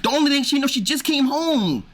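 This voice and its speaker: A man's voice: extremely high pitch, animated, a little fast, a bit bright. A man streaming, reacting to a video with exasperated casual commentary, swearing and saying "bro" a lot.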